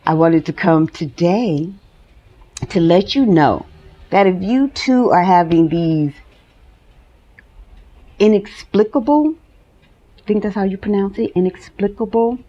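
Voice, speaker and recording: A woman's voice: fairly low pitch, warm tone, dull audio. A woman hosting her own podcast, talking candidly and emotionally at home and laughing now and then. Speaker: podcast host. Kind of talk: personal monologue.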